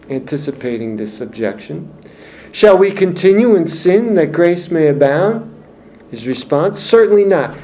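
Man preaching, slow deliberate delivery, slightly high voice, emphatic sermon, faint background noise. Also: dark tone. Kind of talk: expository Bible teaching.

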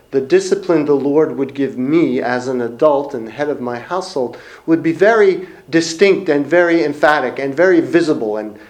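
Man, middle-aged, preaching, earnest, reflective, slightly high pitch. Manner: earnest, reflective, with pauses and repeated phrases. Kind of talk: sermon.

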